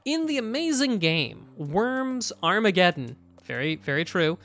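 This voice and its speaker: A man's voice: sits high, sing-song, a little slow, a bit bright. Chatty man reasoning aloud on a stream. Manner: chatty, thinks aloud, explains at length. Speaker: co-host of a live gaming show. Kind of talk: casual live-stream chat.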